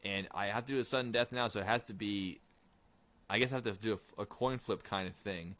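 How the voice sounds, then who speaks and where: A man's voice: lowish voice, fairly bright tone. A man hosting a trivia quiz on a podcast in casual, teasing banter, drawing out the answers as he reads them. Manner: jokey, teasing, drawn-out reading of answers.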